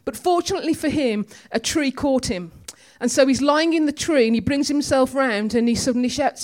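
A woman's voice: high voice, fairly quick, few pauses, darkish tone. A woman giving a conversational, storytelling sermon in a church. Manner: chatty, storytelling, with humor. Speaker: preacher.

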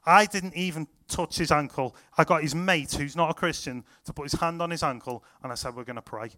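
Excitable youth pastor, higher voice. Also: male voice, fairly quick. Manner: excited, animated retelling with acted-out quotes. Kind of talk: sermon storytelling to a youth group.

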